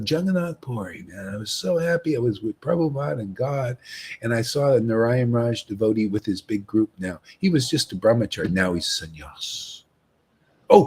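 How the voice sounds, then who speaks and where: Animated, husky male spiritual teacher. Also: mid-range voice. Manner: rambling, animated storytelling that mocks other devotees. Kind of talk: informal spiritual talk.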